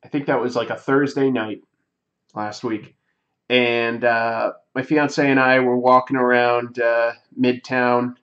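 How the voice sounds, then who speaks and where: A man's voice: mid-range voice, level tone, takes it slowly, a bit bright, highs cut off. A man who says he is sick, hosting a drawing livestream and chatting casually with many fillers. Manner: rambling, many fillers and restarts. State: sick, coughing. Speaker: comic artist livestream host. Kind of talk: casual chat while drawing.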